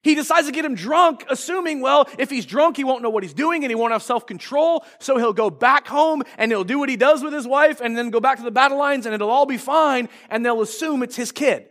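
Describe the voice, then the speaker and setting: A man's voice: very high voice, brisk, few pauses, fairly bright tone. A male pastor preaching a sermon, retelling a story and acting out the quoted lines, often restarting his phrases.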